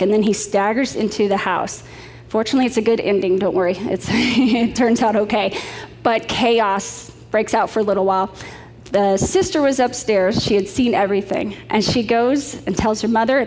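A woman's voice: fairly high pitch, darkish tone, in a large hall. A middle-aged woman preaching a sermon, telling stories in a chatty way with light laughs.

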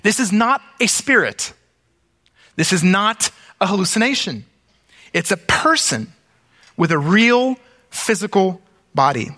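Male pastor, sermon, higher voice with a bright edge, chatty asides between scripture readings. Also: big pitch swings, measured pace, pauses often, long reverb tail.

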